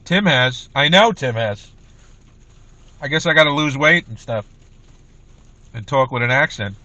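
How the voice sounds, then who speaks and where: A man's voice: medium pitch, expressive, unhurried, pauses often, pushed and bright, highs cut off. A man hosting a comedy livestream, chatting in a rambling way to viewers about his school days. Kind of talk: casual livestream chat.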